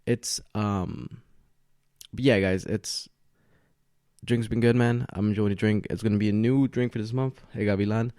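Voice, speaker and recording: A man's voice: lowish voice, fairly even intonation, moderate pace, mellow, clear, resonant tone, dry recording, studio quality. A man hosting a podcast alone at home, a bit tipsy from tequila, chatting in a loose, rambling way and laughing often. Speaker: podcast host. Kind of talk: casual solo podcast chat. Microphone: podcast mic with camera setup.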